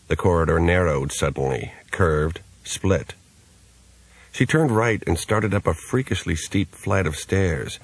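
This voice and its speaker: A man narrating an audiobook in a measured, even way. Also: low-pitched, slightly rough, no room sound. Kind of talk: scripted narration.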